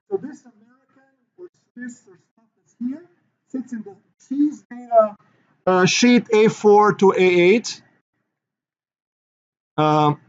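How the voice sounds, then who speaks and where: A man's voice: sits high, darkish tone, muffled recording. A male university instructor giving a recorded class lecture in a casual, rambling way with many fillers and restarts.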